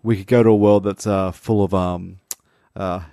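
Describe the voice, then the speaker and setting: A man's voice: deep voice, steady tone, normal speed, dark tone, dry recording, clean studio sound. A man co-hosting a tabletop game podcast, joking and a little hesitant in casual chat. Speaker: game master podcast co-host.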